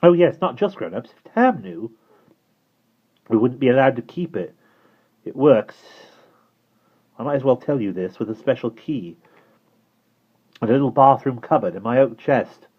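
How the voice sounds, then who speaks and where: A man's voice: mid-range voice, animated, normal speed, long pauses, husky, pitched above the performer's own voice. A man reading aloud and voicing an earnest, worried young boy in a storybook, talking urgently over a tinny, phone-like recording. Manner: urgent, insistent.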